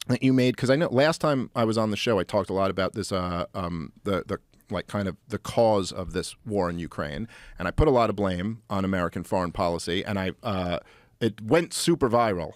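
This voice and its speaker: A man talking as a podcast guest in casual political chat, animated and full of fillers and restarts. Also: mid-range voice, dry recording, clean studio sound.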